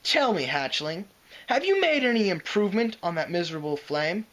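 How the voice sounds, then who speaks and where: Brief: man as a mocking, growling giant dragon, lively pitch swings, storybook reading. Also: normal speed, rough recording. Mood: scornful. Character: scornful huge male green dragon.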